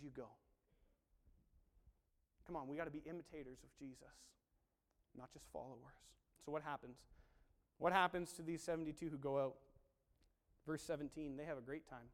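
Male preacher, high animated voice that acts out dialogue, long hall reverb. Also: a little fast, long pauses. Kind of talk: sermon.

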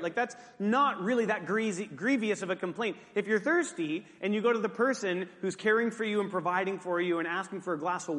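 A man delivering a sermon in a clear, high tenor, loose and conversational, dropping wry asides between readings. His voice rings out through a large hall with a long, lingering echo. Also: fairly bright tone. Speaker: pastor.

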